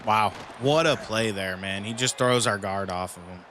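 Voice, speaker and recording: Frustrated man doing bright game commentary. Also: fairly low pitch, moderate pace, a little hiss or hum. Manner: frustrated, venting at his team with mild cussing. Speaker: gaming YouTuber playing a football dynasty mode. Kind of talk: casual gameplay commentary.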